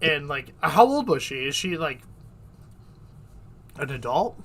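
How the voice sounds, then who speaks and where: A man with a bright, forceful voice pitched a little high, chatting on his livestream. He rambles and leans heavily on filler words, with plenty of swearing mixed in. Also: big pitch swings, a little slow. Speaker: streamer host. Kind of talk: casual livestream chat.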